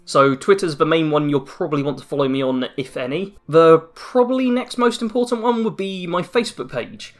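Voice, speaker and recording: A man's voice: a little high, lively intonation, a little fast, few pauses. Rambling, self-mocking young man. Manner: rambling, self-deprecating, jokey asides. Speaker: YouTube channel host. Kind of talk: casual end-of-year update vlog. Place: dim room at home after a work shift.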